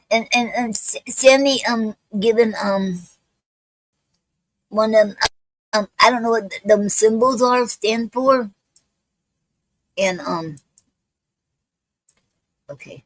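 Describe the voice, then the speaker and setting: A woman's voice: mid-range voice, dry recording, low-quality recording. Breathless woman hosting a poetry stream. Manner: halting, many fillers and restarts. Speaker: poet hosting a live stream. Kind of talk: casual live-stream chat and poetry reading.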